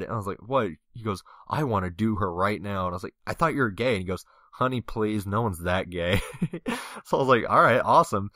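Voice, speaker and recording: A man's voice: lowish voice, dry recording, clean studio sound. A young man telling a funny story over gameplay commentary, laughing and mimicking the people in it. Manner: animated, laughing, mimics voices in anecdotes.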